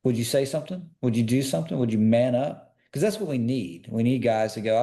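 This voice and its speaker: A man's voice: mid-range voice, moderate pace, mellow. A man, a personal security expert, speaking as a podcast guest and telling stories in an earnest, emphatic way, pressing listeners with repeated questions. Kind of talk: storytelling in a casual interview.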